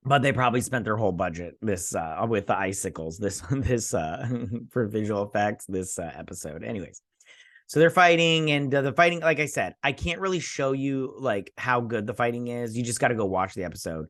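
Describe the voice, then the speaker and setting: A man's voice: medium pitch, brisk, dry recording, studio quality. A man casually recapping a TV episode as a reviewer, rambling with many fillers and restarts and acting out characters' lines. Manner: animated, acts out characters' lines. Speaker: TV show reviewer.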